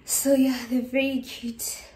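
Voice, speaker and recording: A woman from South Africa filming a casual haul vlog at home, tired and short of breath, chatty and excitable, sometimes dropping to a whisper. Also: high-pitched, a little slow. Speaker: vlogger.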